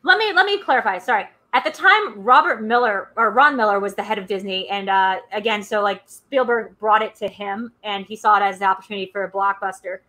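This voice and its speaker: A woman's voice: mid-range voice, fairly quick, hardly any pauses, sharp tone, rough recording. A woman co-hosting a casual movie podcast, rambling through film trivia with many fillers and restarts. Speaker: podcast co-host.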